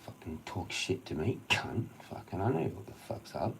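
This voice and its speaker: An Australian man on a livestream, telling a rambling story full of swearing and grievance. His voice sits low and turns gravelly, yet it swings widely up and down as he gets worked up. A faint ambient hum sits behind him. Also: very animated, normal speed, a bit bright, poor audio. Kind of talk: casual rambling rant.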